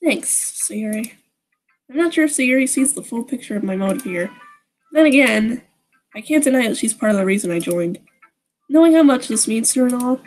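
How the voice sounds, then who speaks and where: A woman's voice: fairly high pitch, animated, normal speed, darkish tone, poor audio. Sheepish teenage boy lead, dry delivery, played by a woman. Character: awkward teenage boy protagonist.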